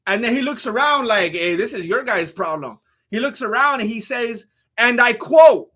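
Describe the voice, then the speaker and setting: A man's voice: extremely high pitch, moderate pace. A man doing casual, jokey live-stream commentary on fight news and thanking chat members. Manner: animated, jokey, reads chat donations aloud.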